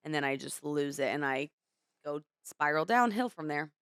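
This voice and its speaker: Young woman co-host, lowish smooth voice, dry close sound, candid rambling chat. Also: expressive, normal speed, fairly bright tone, no echo. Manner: candid, rambling, emotional retelling. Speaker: podcast co-host. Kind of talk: casual chat.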